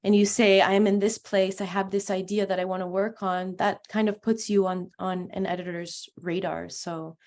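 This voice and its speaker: A woman journalist speaking as an interview guest, her voice sitting at an ordinary middle pitch. She talks in a hesitant, conversational way, pausing on fillers and restarting her sentences as she thinks aloud. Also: little pitch movement, a little mellow.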